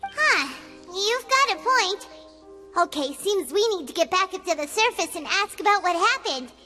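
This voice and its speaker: Casting: a tiny excitable fairy companion for a game, very high childlike voice that leaps all over, music under it. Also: female voice, normal speed, full character voice. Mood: chirpy. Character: small chirpy floating fairy companion, excitable. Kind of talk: video game voice acting.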